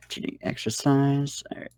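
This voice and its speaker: A man's voice: medium pitch, no echo. A man going over lesson notes as a voice student, hesitant and searching for words.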